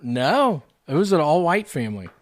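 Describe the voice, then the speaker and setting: A man co-hosting a comedy podcast, delivering absurd jokes in a deadpan way. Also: on the high side, normal speed, dry recording, clean studio sound. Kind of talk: casual podcast banter.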